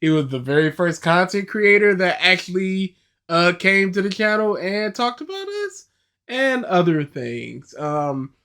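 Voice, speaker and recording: A man co-hosting a casual podcast, chatting in an upbeat, animated way. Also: high voice, a little slow, smooth. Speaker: co-host.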